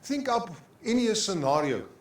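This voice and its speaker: Older South African male pastor, fervent repeating sermon delivery, slightly high voice, roomy church sound. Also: sing-song, moderate pace. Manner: impassioned preaching with repeated phrases, mixing in Afrikaans. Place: church sanctuary. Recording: echoey church hall.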